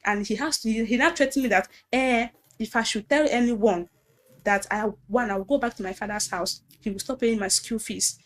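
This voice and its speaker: A Nigerian-accented woman with a slightly high voice tells her own story as a testimony. She speaks earnestly and haltingly, restarting sentences and repeating phrases as she goes. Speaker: guest recounting abuse. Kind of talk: personal testimony.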